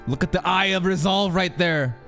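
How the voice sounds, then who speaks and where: A young man streaming an anime reaction, talking casually and excitably, swearing often and mock-quoting the characters. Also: high-pitched, normal speed, creaky, soft background music.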